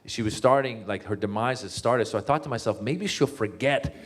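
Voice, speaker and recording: A man, a comedian speaking as a guest, telling stories in a casual talk, full of restarts, fillers and sudden jumps in pitch when he acts out his own thoughts. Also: brisk, a little hiss or hum. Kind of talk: storytelling talk.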